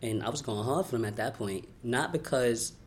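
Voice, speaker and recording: A young man from Brooklyn, telling his life story in an interview, candid and heartfelt, talking in quick runs with lots of "you know" and "like.". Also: mid-range voice. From Brooklyn, New York. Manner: candid, fast-flowing, heartfelt, many "you know" and "like" fillers. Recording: faint background noise.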